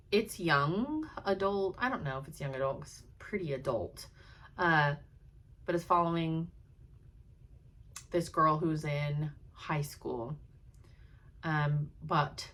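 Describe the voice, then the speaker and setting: Chatty woman gushing about books. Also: sits low. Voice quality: chatty, gushing, frequent "like" and "um", laughs while talking. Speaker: cross-stitch vlogger. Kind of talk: casual chat to camera.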